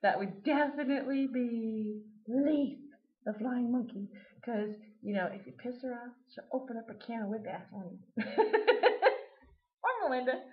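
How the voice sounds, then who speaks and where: A woman's voice: fairly high pitch, lively intonation, unhurried. A woman chatting casually to camera, rambling and giggling as she answers a question tag. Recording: dull lo-fi webcam audio.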